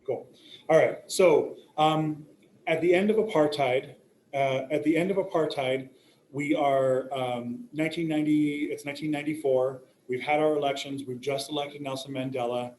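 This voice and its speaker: Joking teacher in an echoey classroom. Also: male voice, fairly high pitch, fairly even intonation, moderate pace, darkish tone. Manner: joking, peppers talk with "right?" and "okay?". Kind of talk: classroom lecture. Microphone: recording device some distance away. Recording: roomy classroom echo, faint hum.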